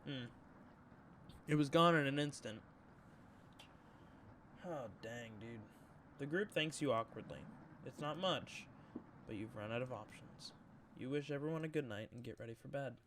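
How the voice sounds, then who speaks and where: A man's voice: mid-range voice, moderate pace, long pauses, fairly bright tone, slight background noise. A young man streaming, reading a story game aloud in a casual tone, with slang asides. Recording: game music behind voice.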